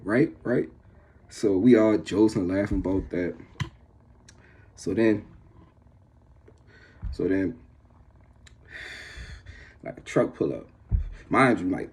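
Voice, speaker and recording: A man casually telling a story to his viewers, slangy and rambling, with many restarts. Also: husky. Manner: gets loud and high when the story turns tense.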